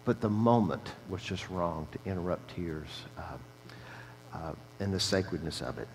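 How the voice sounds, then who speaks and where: A man's voice: low voice, moderate pace. An older man giving an earnest, conversational sermon as a guest preacher, telling stories with frequent "uh" fillers and restarts, recorded in a church sanctuary with long reverb and a faint hum. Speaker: guest preacher, chaplaincy director.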